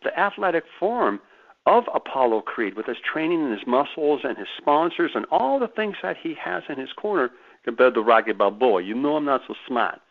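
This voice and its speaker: A man's voice: mid-range voice, big pitch swings, normal speed. A man guest on a radio interview, telling stories animatedly and emphatically, often repeating his words. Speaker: guest author. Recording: phone-like radio line.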